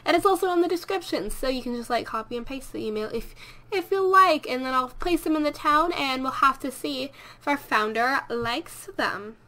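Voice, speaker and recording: A woman's voice: high voice, expressive, moderate pace, pushed and bright. A woman hosting a let's play video, talking casually over her gameplay in a chatty, rambling way and correcting herself as she goes.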